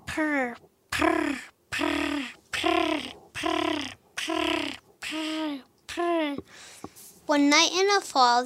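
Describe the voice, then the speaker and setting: A woman's voice: on the high side, a bit bright, slight background noise. A woman reading a rhyming children's story aloud in a sing-song, rhythmic way.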